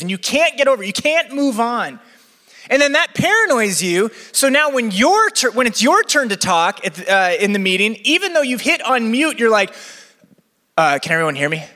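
A young man preaching a sermon as campus pastor, chatty and energetic with a live crowd. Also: extremely high pitch. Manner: energetic, chatty, acts out quotes. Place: church venue with balcony. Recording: long hall reverb.

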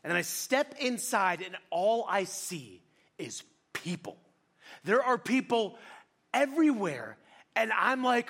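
Middle-aged man preaching, high-pitched, quick and animated, self-deprecating storyteller. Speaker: pastor. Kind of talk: sermon.

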